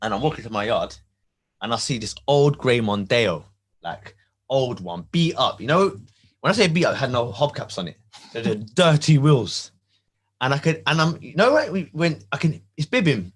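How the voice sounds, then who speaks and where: A man, co-hosting a casual chat and telling a story in an animated, laughing way full of slang. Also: mid-range voice, moderate pace, husky. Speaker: podcast co-host.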